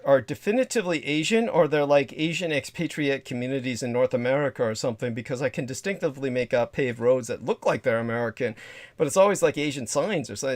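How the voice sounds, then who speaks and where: A man's voice: a little high, dry recording. A man hosting a livestream in casual, rambling chat who swears freely and drifts into asides. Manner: rambling, profane, jumps between asides. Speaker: livestream host.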